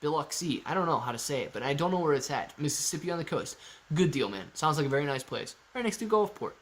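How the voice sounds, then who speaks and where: A man with a fairly high-pitched voice hosts a relaxed livestream. He reads comments from his viewers out loud and answers each one in an easygoing, joking way. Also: quick pace. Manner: playful and joking. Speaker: livestream host. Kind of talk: casual livestream chat.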